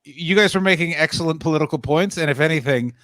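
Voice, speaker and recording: A man's voice: fairly high pitch, fast talker, fairly bright tone, no room sound, studio quality. A man joining a casual stream chat, playful and teasing, laughing as he asks questions.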